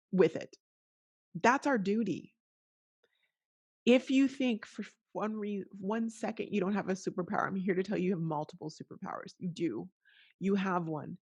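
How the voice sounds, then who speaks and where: Middle-aged woman podcaster, lowish voice, earnest and emotional, keeps restarting her sentences. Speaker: podcast host. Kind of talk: casual motivational monologue.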